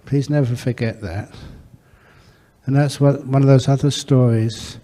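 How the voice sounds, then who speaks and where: A Buddhist monk giving an earnest storytelling talk, answering questions from a meditation audience. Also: male voice, medium pitch, fairly even intonation, unhurried, mellow. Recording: echoey hall.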